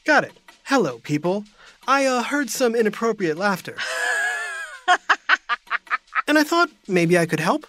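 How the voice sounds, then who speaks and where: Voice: medium pitch, very animated, normal speed, fairly bright tone, a little hiss or hum. A host of a kids' science show, explaining things in a friendly way and talking straight to the listener.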